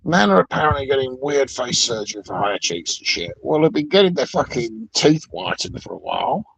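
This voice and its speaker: A man's voice: medium pitch, very animated, a little fast, creaky, a bit bright, breathy edge, no room sound, poor audio. A middle-aged man, ranting alone to camera in a blunt, sweary, sardonic way. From Britain. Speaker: vlogger. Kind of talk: profane solo rant.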